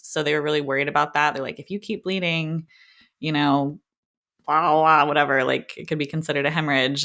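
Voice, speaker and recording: A woman's voice: low-pitched, a bit bright. A woman in her thirties, a podcast co-host, casually telling a personal story, full of "like" and acted-out quoted exchanges. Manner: chatty, frequent "like", acts out quoted exchanges.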